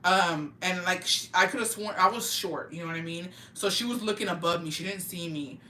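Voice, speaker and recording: A woman's voice: fairly low pitch, moderate pace, pushed and bright, a little hiss or hum. Young woman, profane slangy storyteller. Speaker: vlogger. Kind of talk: storytime vlog. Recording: echoey room, mic at a distance, faint ambience.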